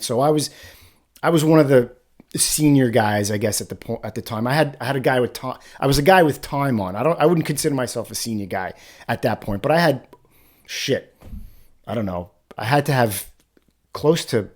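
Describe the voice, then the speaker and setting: Middle-aged man, blunt and profane, casual podcast monologue. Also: medium pitch. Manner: blunt, profane, animated storytelling. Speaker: podcast host, firefighter.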